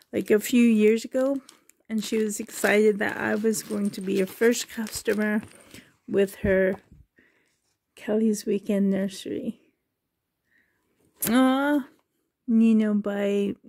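A reborn doll collector who hosts her own channel unboxes a package in an excited vlog. Her slightly high voice is creaky, warm and a bit rough, and she gasps with delight, drops into whispers, and grows emotional, close to tears.

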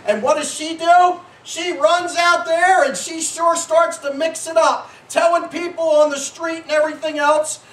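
A man preaching a sermon as pastor, in a folksy, animated way that breaks into shouts. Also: very high-pitched, unhurried, few pauses. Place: church sanctuary. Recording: echoey church from a distance.

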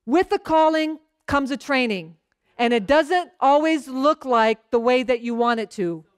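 High, smooth-voiced woman pastor preaching. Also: expressive, a little slow, dry recording, clean studio sound. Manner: conversational storytelling, often checks in with the congregation; acts out short bits of dialogue in a lowered voice. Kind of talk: sermon.

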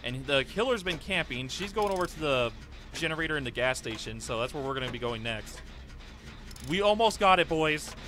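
A young man giving excitable live commentary over his gameplay, pleading with teammates and cheering at wins. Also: on the high side, fairly quick, noisy background. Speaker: gaming YouTuber.

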